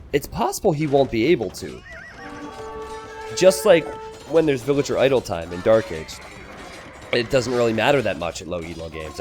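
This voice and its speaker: Excitable man commentating a strategy game. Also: mid-range voice. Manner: excitable, laughs and exclaims at blunders.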